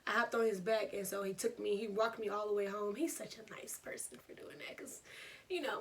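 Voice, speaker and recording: A young woman, telling a storytime vlog in an animated, laughing way. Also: medium pitch, a little fast, recorded from a distance, noisy background. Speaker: vlogger.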